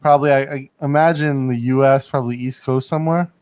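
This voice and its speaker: A man's voice: mid-range voice, steady tone, fast talker, a little mellow, clean tone. A man hosting a casual livestream chat from a studio in Bangkok. He rambles, laughs often and hedges his points. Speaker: livestream host.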